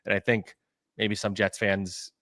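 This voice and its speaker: Guy on a sports podcast, lowish voice, rambly, says like a lot, dry close mic. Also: little pitch movement, a little slow, fairly bright tone, dry recording. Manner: rambling, lots of "like" and restarts. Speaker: beat reporter and podcast co-host. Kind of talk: casual sports podcast talk.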